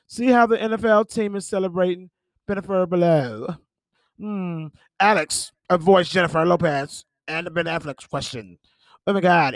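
Man, podcast host, celebrity gossip, high voice, slow unhurried delivery, profane and exclaiming. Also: no room sound, studio quality. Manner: profane, exclaiming and laughing over headlines. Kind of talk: casual celebrity gossip commentary.

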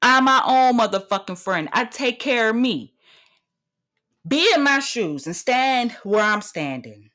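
Woman, 30s, podcast host, solo rant, brash, profane, swaggering, slightly high voice. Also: animated, unhurried, a bit bright.

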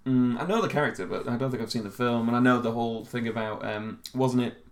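A young man co-hosts a casual talk show, hungover and loose. He rambles through the news with plenty of fillers and restarts, sounding relaxed and unscripted. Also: mid-range voice, quick pace. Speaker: podcast co-host. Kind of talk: casual chat.

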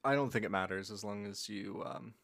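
A woman's voice: rumbling low, fairly quick. A young woman co-hosting a casual podcast, playful and teasing, often breaking into laughter. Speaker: podcast co-host. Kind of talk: casual comedic chat.

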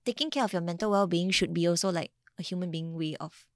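A woman's voice: fairly low pitch, quick pace, no echo, studio quality. A woman in her thirties with a Singaporean English accent, a podcast guest chatting casually and acting out the quotes in her stories. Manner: animated storytelling, acts out quotes.

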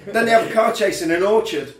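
A man's voice: sits high, animated, fast, echoey room, distant mic. A man casually retelling a film's plot in long, chatty runs as a podcast co-host. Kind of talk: casual film recap chat.

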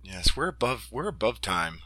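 Podcast guy chatting casually, laughs a lot, slightly low voice, dead dry recording. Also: very animated, normal speed, bright, forceful tone, dry recording. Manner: enthusiastic, laughs often, repeats words. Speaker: podcast co-host.

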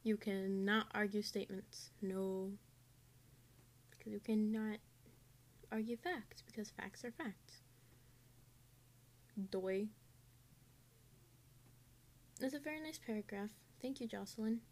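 A woman's voice: mid-range voice, measured pace, pauses often. A teenage girl in a casual vlog, ranting in an exasperated, sarcastic way about her online class. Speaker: student vlogger.

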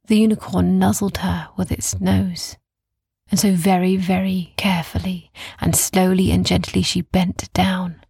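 Softly telling a bedtime tale, partly in whispers, a woman speaks slowly, calmly and gently, circling back to soothing phrases. The recording of her very gravelly, husky, somewhat low voice is dry and close-miked, with no surrounding room.

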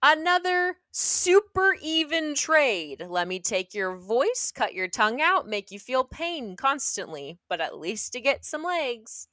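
A woman's voice: medium pitch, very animated, a little slow, few pauses, sharp tone, no room sound. A young woman reading a fairy tale aloud and breaking off into playful, sarcastic jokes. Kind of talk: reading a story aloud with joking asides.

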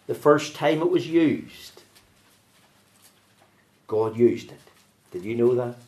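A man preaching a sermon in a church, swinging from loud fervent calls to low hushed asides. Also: animated, drawn-out words.

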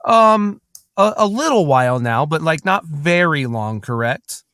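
A man hosts a podcast interview with a weak voice left from a lingering cough. He talks slowly and hesitantly, full of fillers. The sound is dry and close. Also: a little high, animated, fairly bright tone, no echo. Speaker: podcast host.

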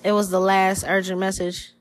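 A woman's voice: medium pitch, level tone, normal speed. Woman giving a loose, profane reading. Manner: loose, profane, slangy, rambling. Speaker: tarot reader. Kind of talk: casual spiritual reading podcast.

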